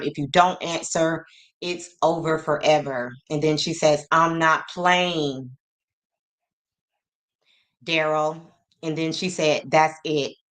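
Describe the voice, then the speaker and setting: Brief: livestream host, woman, low voice, chatty, reads texts aloud deliberately. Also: fairly bright tone. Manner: reads messages aloud slowly, greets chat by name. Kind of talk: casual livestream commentary.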